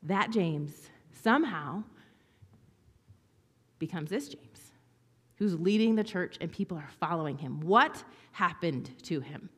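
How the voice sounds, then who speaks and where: Animated woman preaching in a reverberant hall. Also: on the low side, slow, long pauses. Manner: animated, conversational, acts out quotes with sarcasm. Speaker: pastor. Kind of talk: sermon.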